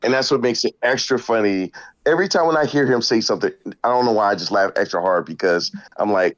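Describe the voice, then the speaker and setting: A man's voice: lowish voice, normal speed, fairly bright tone, no room sound, lo-fi sound. A man co-hosting a gaming podcast in casual chat, bantering and teasing playfully. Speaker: podcast co-host.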